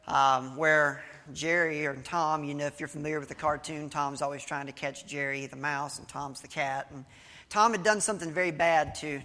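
This pastor's voice is a little high, pushed and bright, and a long hall reverb follows it. In his sermon he reads from scripture and tells a story, preaching conversationally and restarting in small ways now and then.

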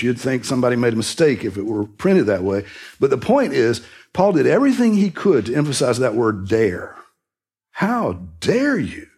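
A man preaching a sermon, teaching earnestly and rising sharply in pitch to stress key words. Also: darkish tone, slightly rough. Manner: earnest, emphatic teaching with sudden rises in pitch for emphasis. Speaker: pastor.

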